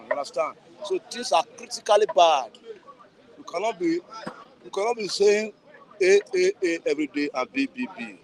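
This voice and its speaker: A man's voice: fairly high pitch, poor audio. A man with a Nigerian accent, speaking outdoors in a street interview. He talks emphatically and pleadingly, often repeating his words. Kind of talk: impassioned street opinion.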